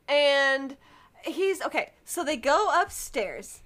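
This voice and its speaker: A young woman co-hosting a casual book podcast, animated and exasperated, laughing often. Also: sits high, takes it slowly. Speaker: podcast co-host.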